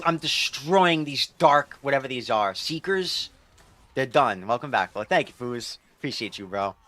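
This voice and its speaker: A man's voice: medium pitch, pushed and bright, dry recording. A man streaming a game, chatting casually with viewers in a rambling, loose way and reading chat aloud.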